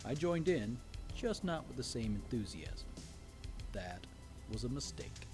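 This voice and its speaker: A man's voice: medium pitch, very animated, measured pace, music in the background. A man narrating a horror story in a wry, dry storytelling manner.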